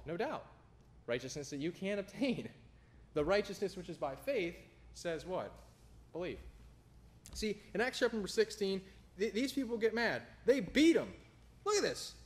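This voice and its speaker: A young man, preaching a sermon in an animated, conversational way with quick asides. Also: on the high side. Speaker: pastor.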